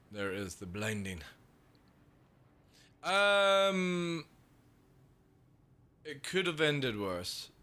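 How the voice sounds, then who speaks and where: A man's voice: on the low side, sharp tone, a little hiss or hum. A young man from the UK chatting casually on a livestream, rambling, swearing and laughing as he reads chat. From United Kingdom. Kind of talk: casual stream chat, reading chat.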